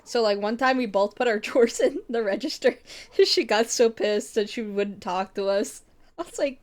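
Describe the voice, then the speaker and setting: A woman's voice: a little high, unhurried, darkish tone. A young woman streamer chatting casually, telling a rambling story with a lot of swearing and frequent laughter. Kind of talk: casual chat.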